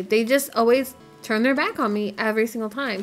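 A woman's voice: fairly high pitch, normal speed, faint music behind. A woman giving casual gameplay commentary, chattering in a scatterbrained, self-deprecating way. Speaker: gaming YouTuber.

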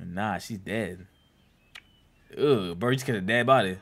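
A young man hosting a casual movie reaction, excitable and slangy, laughing and swearing as he talks to viewers. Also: lowish voice, a little slow. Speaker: reaction host.

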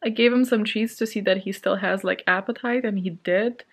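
A woman's voice: mid-range voice, normal speed. A woman book vlogger chatting casually from her bed at home, shaken and anxious, rambling with lots of fillers and nervous little laughs. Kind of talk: casual vlog chat.

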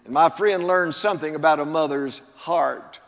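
An older pastor preaches in a church sanctuary, drawing out key words and building emphasis, with long church reverb around him. His voice is a little high and his pace normal.

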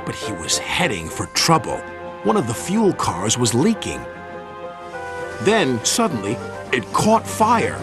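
An American man narrating a children's story in a warm, expressive way. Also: medium pitch, unhurried, pauses often. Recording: narration over music.

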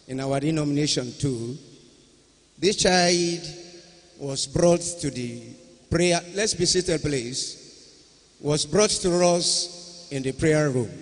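Slow, patient Nigerian pastor. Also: male voice, on the high side. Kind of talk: church testimony presentation. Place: large church convention hall. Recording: echoey hall with long reverb.

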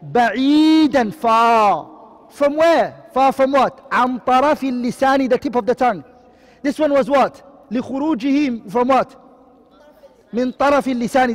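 A man teaching a tajweed lesson online, quickly reciting Arabic terms and then explaining them in English, often asking a question and answering it himself. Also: extremely high pitch, big-room sound. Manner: quizzing, asks and answers his own questions.

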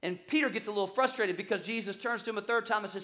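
A male pastor preaching a sermon, telling stories with lively acted-out quotes and quick repetitions. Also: high-pitched. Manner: animated storytelling, acts out quoted voices; repeats words when excited.

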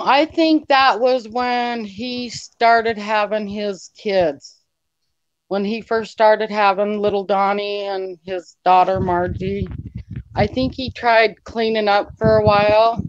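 A woman's voice: medium pitch, dry recording, highs cut off. A woman guest telling a personal story in a rambling, emotional way, acting out what people said. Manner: rambling, emotional retelling with quoted dialogue. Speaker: interview guest. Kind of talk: casual storytelling.

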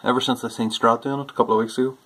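A man with a Northern Irish accent chatting casually through an accent challenge on his vlog, self-deprecating and loud on stressed words. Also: medium pitch, steady tone, rapid-fire, rough recording. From Northern Ireland. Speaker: homebrewing YouTuber.

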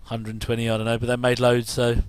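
A man talks loosely through a casual commentary, drifting between remarks and little chuckles. His voice is smooth and clear at a middling pitch. The sound is dry and close, with no room around it. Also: completely flat delivery, quick pace, no room sound. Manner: rambling, chuckling asides.

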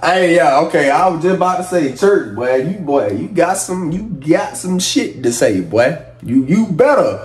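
A man's voice: on the high side, very animated, moderate pace, few pauses, echoey room. A man hosting a music reaction video, hyped and laughing, talking in slangy bursts as he reacts. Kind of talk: excited music reaction commentary.

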